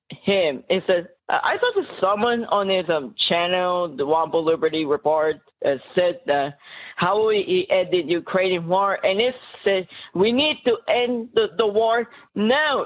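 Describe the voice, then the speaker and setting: A man calling in to a talk show, halting and repeating his words, with many fillers. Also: high-pitched. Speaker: caller. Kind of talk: phone-in call. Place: calling from Chicago. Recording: tinny phone line.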